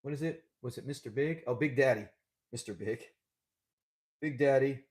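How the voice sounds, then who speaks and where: A man's voice: medium pitch, moderate pace. A man hosting a live trivia stream, talking in a chatty, upbeat way and laughing often. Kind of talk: casual live-stream chat.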